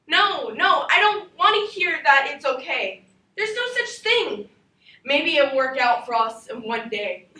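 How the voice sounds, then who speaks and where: Young woman doing a distraught teen girl, pleading and accusing, high bright voice, roomy classroom from far off. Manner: pleading and accusing, rising to shouting. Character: distraught teenage girl whose parents are divorcing. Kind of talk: acted dramatic monologue.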